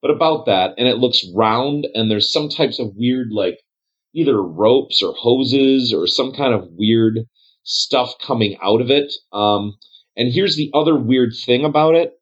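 A man narrating as game master in a tabletop role-play game, rambling and pausing to search for words. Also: medium pitch. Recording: dull lo-fi sound.

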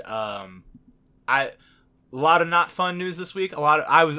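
A man's voice: on the high side, animated, moderate pace, bright, forceful tone, clean tone. A man co-hosting a casual podcast, talking candidly, swearing freely, with lots of fillers. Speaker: podcast co-host.

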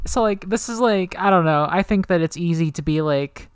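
Chatty, giggly woman co-host, smooth clean voice, dry close sound. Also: on the low side, moderate pace, hardly any pauses, no echo. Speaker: podcast co-host. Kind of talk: casual book discussion chat.

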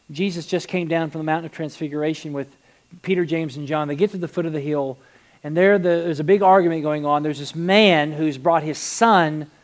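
A pastor preaching a sermon in a church service, animated, swinging from quiet emphasis to near-shouting and often repeating words to build a point. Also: medium pitch.

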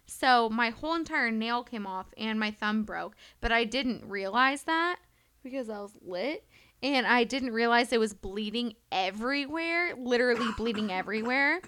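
This is a woman chatting on a casual podcast, her voice bright and a touch high. She tells stories in an animated rush, peppered with profanity. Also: normal speed. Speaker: podcast co-host.

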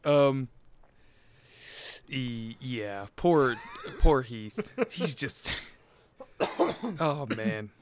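A man co-hosting a casual wrestling recap chat, excitable and joking, laughing often and swearing. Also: medium pitch, extremely slow, long pauses, a little hiss or hum. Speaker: wrestling podcast co-host.

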